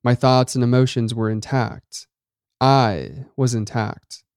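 Smooth-voiced male story narrator. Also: medium pitch, fairly even intonation, darkish tone, no room sound, studio quality. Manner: measured, dramatic reading. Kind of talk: scripted first-person story narration.

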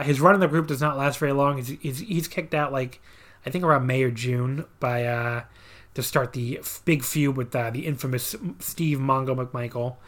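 A podcast host chatting casually through a wrestling match recap, full of sarcastic asides and filler words. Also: male voice, on the high side, a bit bright. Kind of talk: casual wrestling review chat.

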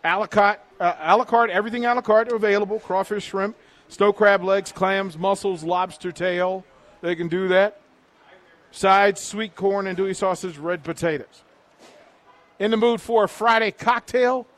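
Man, high voice, middle-aged, radio host, energetic sponsor read, live remote. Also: normal speed. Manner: energetic, punchy, hype-building. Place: restaurant patio.

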